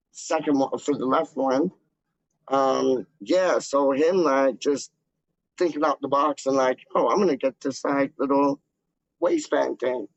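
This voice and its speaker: A man's voice: medium pitch, vocal fry, no echo. A man chatting casually to camera as a fan channel host, rambling and slangy with lots of fillers. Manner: slangy, loose, full of "like" and "dog" fillers. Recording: dull lo-fi dry sound.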